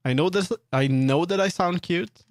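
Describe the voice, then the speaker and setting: Swedish guy streaming, rambly and amused, gravelly voice, dry close mic. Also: high-pitched, moderate pace, dry recording. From Sweden. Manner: rambling, self-amused, with many restarts. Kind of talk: casual livestream chat.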